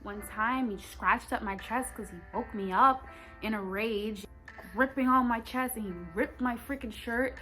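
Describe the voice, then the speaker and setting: A woman's voice: fairly high pitch, unhurried, pushed and bright, soft background music. A young woman telling a personal story in a storytime vlog, talking straight to her viewers with emphasis. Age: young adult.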